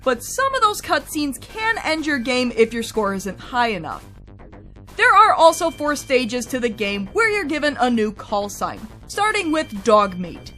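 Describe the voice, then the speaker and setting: A woman narrates a game review with a high, bright voice. Her delivery is wry, chatty and full of swings in pitch, with faint music under her. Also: very animated, unhurried.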